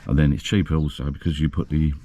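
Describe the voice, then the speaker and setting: A man's voice: extremely low pitch, fairly even intonation, fast, dark tone. A man walking and talking out of breath, chatting casually as he shows a renovation on a handheld camera. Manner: chatty, rambling, with restarts. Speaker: vlogger showing a renovation. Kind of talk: casual walk-and-talk vlog. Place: outdoors walking, then inside a building site.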